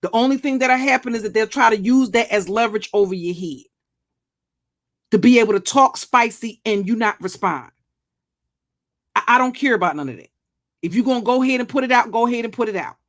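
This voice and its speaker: Older woman, pitch a bit high, profane, threatening, restarts and stammers. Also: fairly quick. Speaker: YouTube commentary channel host. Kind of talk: blunt monologue vlog.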